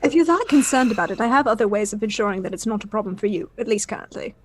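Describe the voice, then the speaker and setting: A man voicing a courteous, eager ship crew member in a high, quick voice during a tabletop game. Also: a little hiss or hum, close to an everyday voice. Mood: eager, polite. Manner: polite, quick, lightly laughing.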